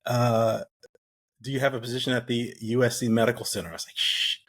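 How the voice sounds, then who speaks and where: Husky middle-aged man telling stories. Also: medium pitch, quick pace. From United States. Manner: animated storyteller who acts out quoted dialogue. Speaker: guest, retired Navy SEAL. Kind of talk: casual interview storytelling.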